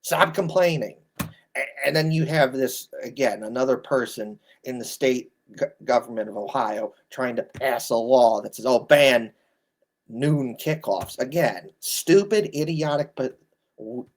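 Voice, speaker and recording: A man's voice: medium pitch, measured pace. A man in his thirties ranting bluntly in an exasperated, scolding commentary. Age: 30s. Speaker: sports commentator.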